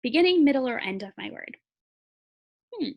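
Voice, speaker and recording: A woman's voice: high voice, sing-song, moderate pace, lo-fi sound. A young adult woman teaching a classroom phonics lesson in a patient, sing-song teacher voice.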